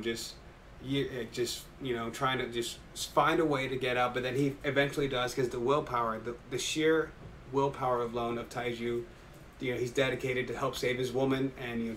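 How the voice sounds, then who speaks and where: Excited rambling young man recapping an anime. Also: medium pitch, moderate pace, a little hiss or hum. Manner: rambling and excited, heavy on fillers. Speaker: anime reaction YouTuber. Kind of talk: casual episode recap to viewers.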